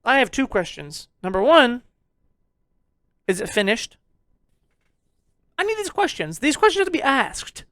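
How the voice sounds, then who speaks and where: A young man rants on a podcast with a loud, jokingly abrasive edge. He swears freely and teases his listeners. The recording is close and dry. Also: very high voice, huge pitch swings, measured pace, long pauses, no echo. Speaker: podcast co-host. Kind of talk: casual ranting review chat.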